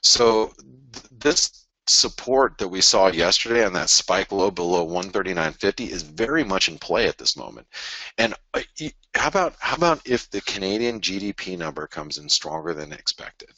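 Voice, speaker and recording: Man, forex show host, deep voice, bright forceful tone, restarts sentences, chart analysis. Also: moderate pace, no echo, highs cut off. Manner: animated, restarts sentences, argues with imagined viewers. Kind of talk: live trading chart analysis.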